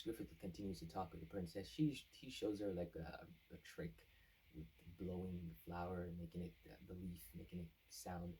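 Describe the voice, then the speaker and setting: A man's voice: deep voice, darkish tone, slightly rough, recorded from a distance, poor audio. A man casually recapping an anime plot as a reviewer, rambling and acting out the characters' lines. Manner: rambling, with many fillers and restarts, acting out quotes.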